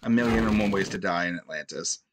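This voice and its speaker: A man's voice: low voice, fast, heavy background noise. A young man streaming a video game, groaning, sighing and swearing in frustration as he plays. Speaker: gaming streamer. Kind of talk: frustrated let's-play commentary. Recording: game music loud behind voice.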